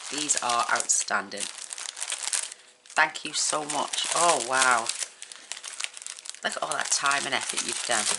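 Woman craft host, low gravelly voice, unhurried and effusive, noisy room with paper crinkling behind. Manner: gushing, effusive exclamations. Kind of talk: casual unboxing chat.

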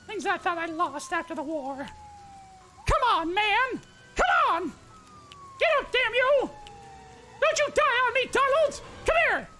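A man voicing a vulgar, cocky male cartoon mouse in a squeaky falsetto, trash-talking through a comedic game role-play. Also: big pitch swings, slow pace, long pauses, pushed and bright, slight background noise, exaggerated voice. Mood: mock-grieving. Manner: brash, trash-talking, mock-dramatic.

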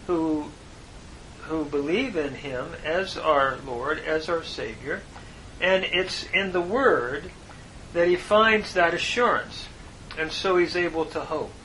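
A man teaching a Bible lesson on Hebrew grammar, explaining each word slowly and earnestly. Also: fairly high pitch, a bit bright, a little hiss or hum, rough recording. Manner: slow, deliberate explanation with earnest emphasis.

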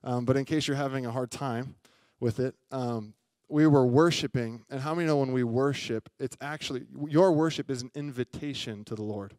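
A man's voice: medium pitch, moderate pace, few pauses, a little mellow, no room sound. A young adult man preaching a sermon, telling a story in a chatty way and often asking the congregation questions. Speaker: pastor. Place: church sanctuary.

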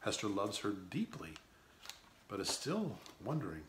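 A man's voice: on the low side, very animated, measured pace, noisy background. A man teaching a novel, reading passages aloud and adding casual asides with many fillers. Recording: roomy echo.

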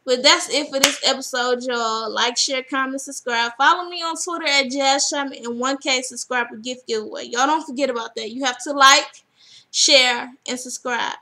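A young woman casually recapping a reality TV episode, animated and acting out what people said. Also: sits high, moderate pace. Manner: animated, acts out quotes.

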